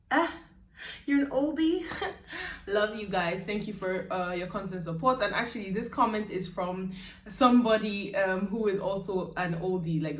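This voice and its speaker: A young woman vlogging in casual chat, her accent shifting between Nigerian and British, rambling and laughing often. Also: mid-range voice. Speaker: YouTuber. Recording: roomy, mic at a distance.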